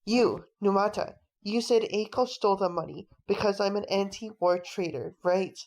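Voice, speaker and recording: A woman reading a storybook aloud, voicing a stern, tough father who talks bluntly and gruffly. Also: medium pitch, normal speed, darkish tone, a little hiss or hum, natural voice, poor audio. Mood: angry, scolding.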